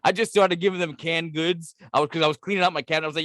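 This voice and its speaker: High-voiced, foul-mouthed New York man. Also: very fast, dry recording, studio quality. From Brooklyn, New York. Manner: animated, swears constantly, laughs often. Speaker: podcast co-host. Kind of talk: casual profane comedic chat.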